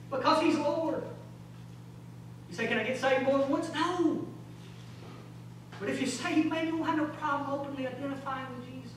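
Emphatic preacher in an echoing sanctuary. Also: male voice, moderate pace, pauses often. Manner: emphatic, swings between loud exhortation and low intensity; rhetorical questions, folksy asides. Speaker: pastor. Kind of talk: sermon. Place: large church sanctuary. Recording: very echoey hall, distant mic, faint hum.

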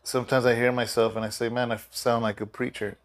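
A man's voice: mid-range voice, flat delivery, fast. A middle-aged man, a pastor, giving a casual devotional talk in a loose, rambling way with many fillers and restarts, sleepy and yawning.

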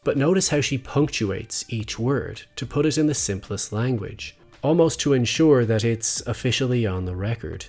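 A man narrating a scripted video essay in a measured, analytical way. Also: mid-range voice, lively intonation, a little mellow. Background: faint background music.

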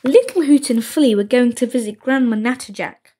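A woman narrating a children's storybook in a slow, expressive reading. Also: fairly high pitch, husky.

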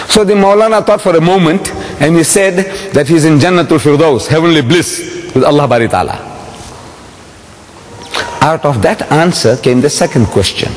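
Man lecturing with rhetorical questions, long hall reverb, lively pitch. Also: moderate pace. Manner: animated, rhetorical questions to the audience. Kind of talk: public lecture storytelling.

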